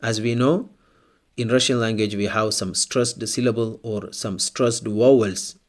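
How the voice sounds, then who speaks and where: Slow, deliberate male language teacher. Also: lowish voice, fairly even intonation. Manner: slow, deliberate, repeats example words. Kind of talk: scripted language lesson.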